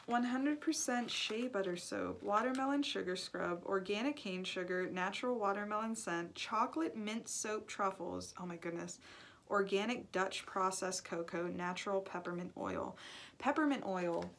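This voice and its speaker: A young woman chatting casually as she opens fan mail, gushing and excited, with lots of "like"s and happy exclamations. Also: mid-range voice, moderate pace, vocal fry, slight background noise. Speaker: YouTuber opening fan mail. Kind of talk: casual chat. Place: indoor studio. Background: paper crinkling and clicks.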